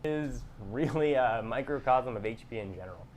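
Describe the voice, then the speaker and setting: A man presenting a scripted gadget review in a measured, explanatory way. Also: medium pitch, expressive, a little mellow. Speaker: tech reviewer.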